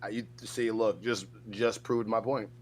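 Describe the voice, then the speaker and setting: A man's voice: fairly low pitch, measured pace, a little hiss or hum. A young man co-hosting a casual stream, joking and laughing between remarks. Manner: joking, laughs a lot, animated. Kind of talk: casual livestream chat.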